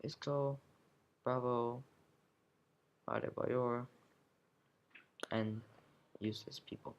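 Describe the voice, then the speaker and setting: A man's voice: medium pitch, fairly even intonation, slow. A teenage boy commenting casually on his game, grumbling and swearing, sometimes dropping to a whisper, recorded at home. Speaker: gamer opening card packs.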